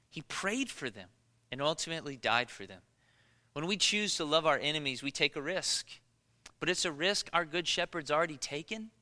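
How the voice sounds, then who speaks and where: A male pastor delivers a sermon with a very bright, ringing voice pitched a little above the usual. He tells stories in an animated way, acting out the voices of the people he quotes. A long reverb from the large hall trails his words. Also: smooth. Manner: animated storytelling, acts out quotes.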